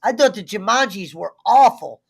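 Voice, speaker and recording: A man's voice: high voice, lively intonation, normal speed, creaky, husky. A man hosting a casual podcast chat, rambling and trailing off mid-sentence.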